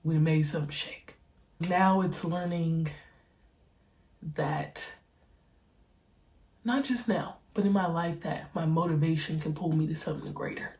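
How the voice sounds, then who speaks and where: A young woman hosting a podcast, talking casually and reflectively in slang and stretching key words out slowly. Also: sits low, darkish tone. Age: young adult. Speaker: podcast host, pro basketball player.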